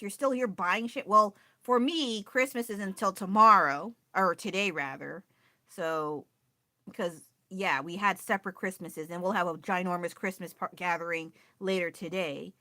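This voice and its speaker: A woman with a bright, tense voice rants on a casual livestream from home, laughing and swearing often. Her voice sounds dry and close, with a middling pitch. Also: no room sound. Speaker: livestreamer and painter. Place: at home with her child nearby.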